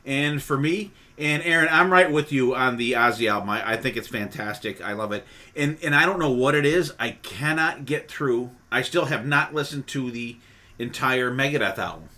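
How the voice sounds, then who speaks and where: Bright-voiced man hosting a casual podcast. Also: mid-range voice, moderate pace. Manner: rambling, restarts often, swears casually. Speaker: podcast host. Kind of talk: casual chat.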